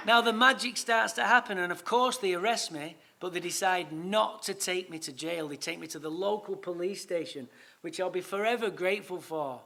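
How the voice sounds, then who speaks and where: High bright-voiced English man telling stories. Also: creaky. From England. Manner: lively comic storytelling, swearing freely. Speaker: recovery meeting speaker. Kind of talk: storytelling talk.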